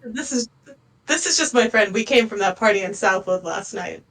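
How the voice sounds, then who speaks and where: A woman player speaking in character in a tabletop game, calm and polite. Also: medium pitch, normal speed, rough recording. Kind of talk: in-character tabletop role-play.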